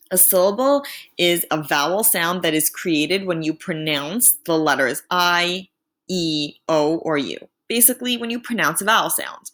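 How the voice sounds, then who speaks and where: A woman teacher giving a remote lesson to students, clear and patient, slowing down to sound out words. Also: fairly low pitch, a bit bright.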